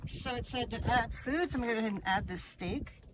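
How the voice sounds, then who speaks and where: Casual cooking vlogger, a woman with a fairly high voice, talking through each step outdoors. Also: brisk, background noise. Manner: chatty, thinking aloud while cooking. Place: outdoors by a camper.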